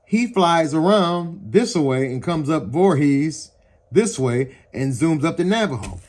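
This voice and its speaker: A man tells what happened in an agitated, heated way, with a voice that sits a little high. He swears often and points things out around him as he goes. He is recorded outdoors. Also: lively intonation, measured pace, darkish tone. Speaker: person recounting a police encounter. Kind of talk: agitated first-person account. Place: outdoors in front of his house.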